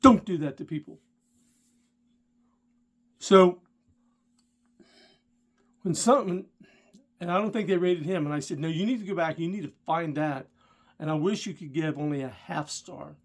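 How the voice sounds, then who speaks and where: A middle-aged rideshare driver who hosts his own channel tells a story straight to the viewer in a casual storytelling vlog. His voice is on the high side and fairly quick, and he grows worked up and indignant.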